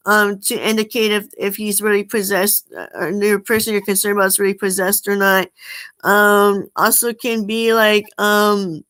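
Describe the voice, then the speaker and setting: A woman talking off the cuff in an unscripted monologue, rambling and halting, often restarting and correcting herself. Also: medium pitch, a bit bright, clean tone, poor audio. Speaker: channel host.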